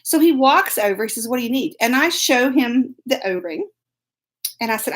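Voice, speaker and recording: Woman, storytelling host, lively swooping voice, fairly high, laughing at herself. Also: moderate pace. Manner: animated, drawling, self-mocking with laughs. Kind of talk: casual storytelling to camera.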